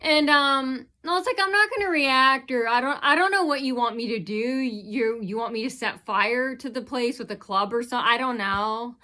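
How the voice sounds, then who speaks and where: A woman's voice: on the high side, moderate pace, hardly any pauses, pushed and bright. A woman vlogger rambling through an aggrieved personal account, retelling who said what with many fillers and restarts.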